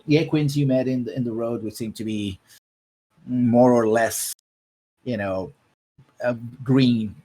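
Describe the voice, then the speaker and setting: A man's voice: lowish voice, a little mellow. A man running a tabletop game as game master, describing scenes at length and often checking in with the players. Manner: descriptive, keeps checking in with "right?".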